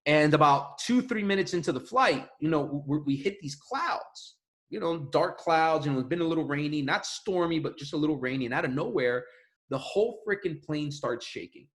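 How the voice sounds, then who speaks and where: Man, slightly high voice, casual motivational mentor, emphatic and repetitive. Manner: casual, emphatic, repeats phrases. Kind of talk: motivational talk to camera.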